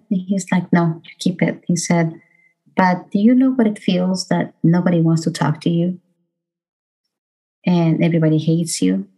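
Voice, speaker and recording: A middle-aged woman, a bereaved mother, giving a halting, emotional personal testimony full of fillers and restarts. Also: fairly low pitch, warm tone, poor audio. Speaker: bereaved mother speaking about road safety.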